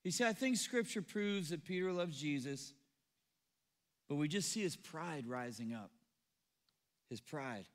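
A man preaching a sermon as pastor, animated, acting out the people in the story as he goes. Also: high voice, normal speed, in a large hall. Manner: animated, acts out quoted voices. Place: church auditorium.

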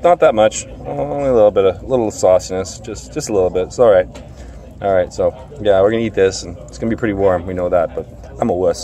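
A man's voice: sits low, dark tone. A man giving a casual, rambling food review, hesitant and full of filler sounds, sweating from spicy food. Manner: rambling, hesitant, lots of uh and repeats. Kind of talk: casual chat.

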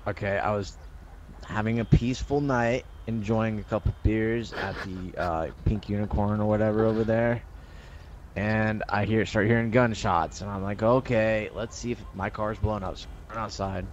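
A man in a game roleplay, excitedly making accusations and telling a rambling story. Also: lowish voice, moderate pace, slight background noise. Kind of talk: in-character roleplay. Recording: dull lo-fi mic.

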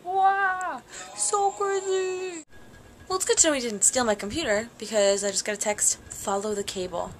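A woman's voice: medium pitch, lively intonation, fast talker, few pauses, a little hiss or hum. A young woman talking casually for a home video blog in a wry, sarcastic way. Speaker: vlogger. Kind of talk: casual vlog chat.

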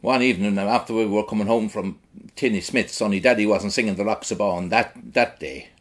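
Brief: middle-aged rural Irish man, husky low voice, blunt theatrical monologue. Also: fairly quick. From Ireland. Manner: blunt, earthy storytelling. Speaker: actor in a one-man show.

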